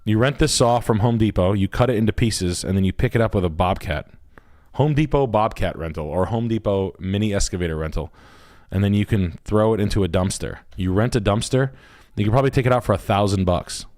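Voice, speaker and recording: A man hosting a live stream as a realtor, explaining practical jobs in a rapid, profane, casual way. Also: on the low side, darkish tone.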